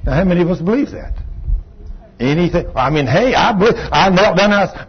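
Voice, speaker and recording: A man preaches with emphatic, folksy storytelling. His voice is husky and sits somewhat high. The recording is dull and lo-fi. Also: expressive, fast talker. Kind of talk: sermon.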